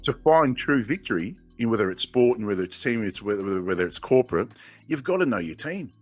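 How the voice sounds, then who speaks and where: Fast-talking Australian man, husky and low. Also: dry recording, soft background music. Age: 40s. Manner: animated storyteller acting out quoted people. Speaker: guest. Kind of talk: casual radio chat.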